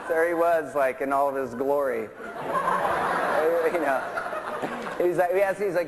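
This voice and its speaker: A man's voice: a little high, animated, normal speed, long pauses, noisy background. A male musician telling a rambling anecdote, laughing as he goes. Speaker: musician guest. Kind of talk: casual anecdote.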